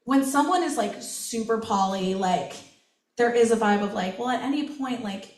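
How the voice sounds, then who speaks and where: A woman's voice: a little high, animated, moderate pace. Giggly woman telling a rambling story. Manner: rambling, giggly, many fillers. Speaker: open mic performer. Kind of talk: stand-up storytelling. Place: bookstore event space. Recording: echoey room from far off, with crowd. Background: audience laughter.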